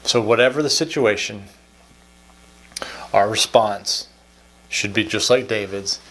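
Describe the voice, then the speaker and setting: A man, an associate pastor, giving an earnest, unhurried devotional sermon and repeating key phrases for emphasis. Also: lowish voice, a bit bright, rough recording.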